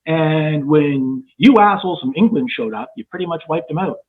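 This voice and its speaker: Canadian man with a high voice. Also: animated, moderate pace, narrow, tinny audio. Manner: joking, blunt. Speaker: hot sauce maker. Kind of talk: casual chat.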